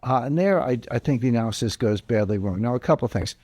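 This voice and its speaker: A man's voice: mid-range voice, lively intonation, quick pace, darkish tone, slightly rough, no room sound. Emphatic man explaining economics, dry sound. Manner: emphatic, explanatory, repeats key points. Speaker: interview guest, economic commentator. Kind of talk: interview answers.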